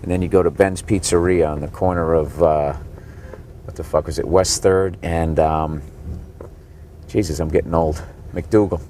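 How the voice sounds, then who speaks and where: A mildly sick comedian in his forties sits in the back of a cab amid city traffic, spewing sarcastic, profane tour commentary. His voice sits low and mellow, steady in tone and at a normal pace. Traffic can be faintly heard.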